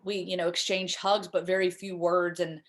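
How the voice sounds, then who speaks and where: A woman in her thirties, a guest in an interview, recounting a painful personal story in a halting, emotional way with many repeated words. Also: fairly low pitch, little pitch movement, a bit bright. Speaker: guest speaker.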